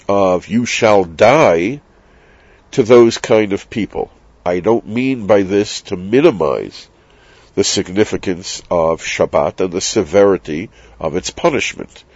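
A man giving a slow, deliberate and emphatic Torah lesson on Sabbath law. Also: fairly low pitch, darkish tone, no room sound. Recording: dull, dry, lo-fi sound.

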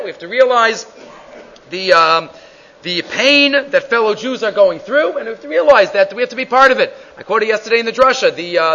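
Bright-voiced man teaching Talmud. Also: high-pitched. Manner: reads Hebrew and Aramaic text aloud, then translates into English; sing-song chanting of the text, with many restarts. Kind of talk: Gemara shiur. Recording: dull lo-fi recording.

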